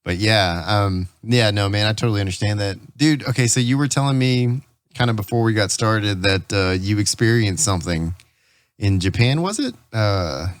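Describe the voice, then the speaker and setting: A man's voice: fairly low pitch, normal speed, dry recording, clean studio sound. A man hosting a casual podcast chat, laid-back and loose, saying "dude" and "like" a lot. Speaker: podcast host, firefighter.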